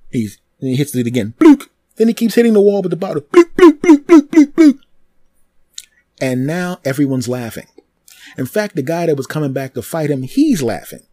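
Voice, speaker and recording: Animated male comedy podcaster telling a story. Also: medium pitch, quick pace, no echo, studio quality. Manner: animated, repetitive, with mouth sound effects. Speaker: podcast host.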